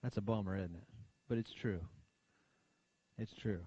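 An American man preaching a sermon, talking plainly to his congregation, asking for amens and dropping his voice low and quiet to stress key points. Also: measured pace, slightly rough, dry recording. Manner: conversational preaching, frequent call-and-response asides. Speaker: pastor. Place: church sanctuary. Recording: dull lo-fi church recording.

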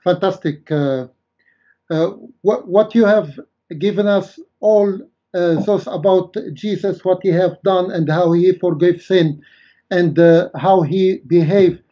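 Brief: man, slow halting replies, high voice, distant dull recording. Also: dark tone. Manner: hesitant, many fillers, halting. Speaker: Muslim debater.

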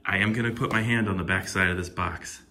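A man's voice: sits low, steady tone, fast, sharp tone, slight background noise. A young man reviewing a product while struggling to open it, grunting, muttering and dropping to whispers, strained and short of breath. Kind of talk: comedic unboxing vlog.

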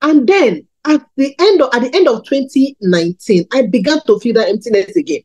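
In a brisk delivery, a Nigerian woman in her thirties who preaches gives a candid account of her personal testimony as part of a sermon. Animated pitch swings mark her storytelling, and the recording is rough.

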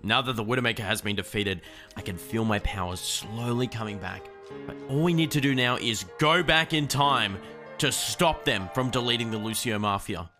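A man putting on a weary, defeated villain voice in a slow, dramatic monologue. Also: medium pitch, pitched below the performer's own voice, close to an everyday voice. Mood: brooding. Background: background music.

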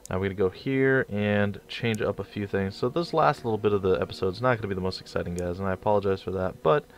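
A man's voice: fairly low pitch, fast talker. A young man casually commentating his strategy game, rambling and stumbling over his words. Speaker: let's play host.

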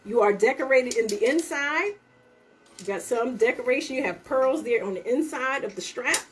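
High-voiced, chatty woman selling bags live. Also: far from the mic, slight background noise. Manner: chatty and upbeat, talks straight to viewers. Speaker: jewelry designer selling handmade bags on a livestream. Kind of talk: casual live sales pitch.

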